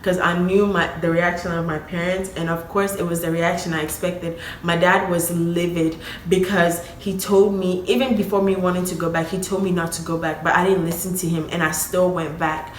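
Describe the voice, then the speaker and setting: A woman's voice: on the low side, level tone, normal speed, few pauses, slight background noise. A young woman vlogger casually telling a personal story to camera, chatty and emotional, calling her viewers y'all. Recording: echoey room with faint ambience.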